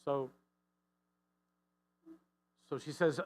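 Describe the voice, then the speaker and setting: A man delivers a storytelling sermon in a slightly higher voice. He voices the people in his story with rising pitch and force, and he often restarts and repeats words as he goes. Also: fairly quick, long pauses, poor audio. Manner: animated storyteller, voicing the characters' lines with rising pitch and force. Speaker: rabbi giving a talk.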